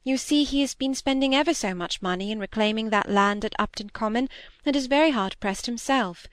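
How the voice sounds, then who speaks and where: A woman voicing a gentle, anxious older lady who is ill, speaking softly and unhurriedly in a storybook reading. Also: on the high side, fairly quick, smooth, dry recording, clean studio sound, close to an everyday voice. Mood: fretful.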